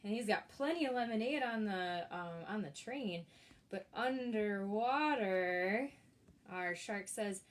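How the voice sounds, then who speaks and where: A woman reading a picture book to children at an online library storytime, with an unhurried pace. Her tone is playful and chatty. She keeps stopping to ask the young listeners what they think. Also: medium pitch, animated. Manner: chatty, asks the listener questions, slow and playful. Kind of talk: storytime read-aloud for children. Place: library, recorded for an online video.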